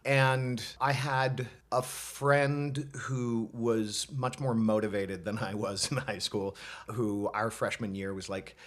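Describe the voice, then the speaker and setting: A man's voice: lowish voice, level tone, slow. A man, a guest improv performer, chatting casually in an interview with an easygoing, rambling manner.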